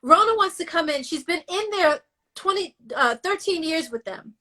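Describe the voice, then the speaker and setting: A woman's voice: very high-pitched, moderate pace. A woman guest in an interview, telling her story bluntly and with feeling, sometimes cursing. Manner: animated, emotional, blunt and cursing. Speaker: guest singer.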